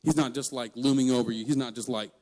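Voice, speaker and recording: A guest youth speaker in his twenties gives a storytelling sermon to young people, talking fast at a medium pitch. He's animated and joking, breaking into laughter mid-story.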